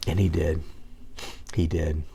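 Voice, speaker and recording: A man preaching, telling his own story in an earnest, emotional way, sometimes dropping to a hushed voice. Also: a bass voice, flat delivery, slow, vocal fry, a little hiss or hum. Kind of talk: testimony sermon.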